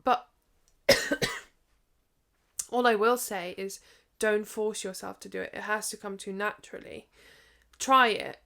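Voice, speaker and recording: A young woman on a podcast speaks with a gravelly, fry-laden voice at a mid pitch. She is reflective and supportive, offering gentle advice in casual chat. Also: fairly even intonation, unhurried, pauses often. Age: young adult. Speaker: podcast co-host.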